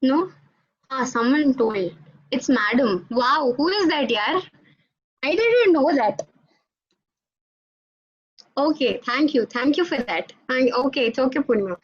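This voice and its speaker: A young woman, giving an animated alumni talk to students over a video call. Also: high voice, measured pace, pauses often, breathy edge. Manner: animated storytelling, addresses audience directly. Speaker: alumni guest speaker. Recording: dull lo-fi video call audio.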